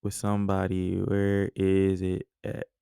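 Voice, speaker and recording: Slangy animated young man, podcast host. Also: low voice, unhurried, creaky, smooth, dry recording, studio quality. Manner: animated, slangy storytelling with frequent asides. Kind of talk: casual podcast monologue.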